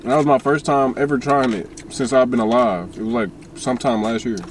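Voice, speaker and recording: A man's voice: steady tone, a little fast, a little hiss or hum. A young man co-hosting a couple's mukbang vlog, chatting casually in slang from inside a car. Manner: laid-back, slangy, swooping pitch.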